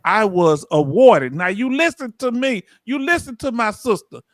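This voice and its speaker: A man with a Southern US accent hosting a casual livestream, reading viewer comments aloud in a lively, folksy way. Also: high voice, normal speed, no echo. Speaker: livestream host.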